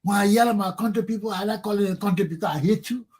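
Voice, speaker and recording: Liberian talk show host, fiery preachy delivery, husky, slightly high voice. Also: male voice, quick pace. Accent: Liberian English. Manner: preachy and fiery, swings from low intensity to shouting. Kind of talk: impassioned monologue.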